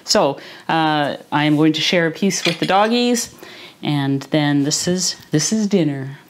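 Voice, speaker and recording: A woman with a lowish voice talks slowly and easily while she cooks and tastes her food. She is at home in her kitchen, and forks and plates clink softly behind her. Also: a little hiss or hum. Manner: relaxed and chatty, tasting as she talks. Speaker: cooking vlogger. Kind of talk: casual cooking video chat. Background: clinking cutlery and dishes.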